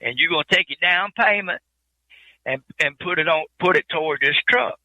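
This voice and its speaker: A man's voice: fairly high pitch, normal speed, bright, forceful tone, dry recording, highs cut off. A man telling his trucking life story in an interview, in plain folksy speech with many repeated words.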